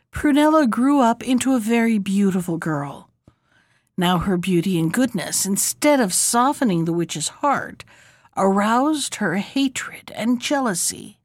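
A woman reading a fairy tale aloud in an expressive, measured storybook manner. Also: on the high side, no echo, studio quality.

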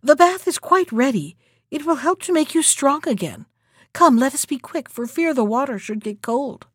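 A woman reading a scheming old witch, bossy and sharp. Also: sits high, animated, moderate pace, dry recording, clean studio sound, pitched above the performer's own voice. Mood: coaxing.

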